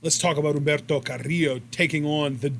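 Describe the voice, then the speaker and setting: A man's voice: a little high, brisk, gravelly. Man, podcast co-host, casual wrestling commentary, rambling, profane, faint background noise. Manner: rambling, profane, animated retelling.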